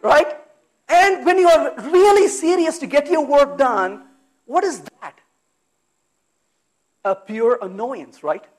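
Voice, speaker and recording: A man giving a technical talk at a conference, talking in a lively way, firing off rhetorical questions and acting out exasperated asides. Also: extremely high pitch, slow, long pauses. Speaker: conference speaker. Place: conference hall.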